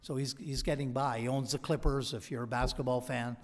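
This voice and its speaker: A man's voice: mid-range voice, fairly even intonation, brisk. Man telling anecdotes in a reverberant hall. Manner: storytelling, quoting others. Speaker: convocation speaker. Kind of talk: ceremonial speech with anecdotes. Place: large hall.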